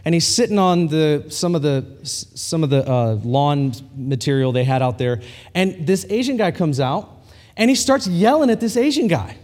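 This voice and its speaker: Animated preacher man in a reverberant hall. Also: a little high, normal speed. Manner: animated storytelling preacher, acts out quoted dialogue. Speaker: pastor. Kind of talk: sermon.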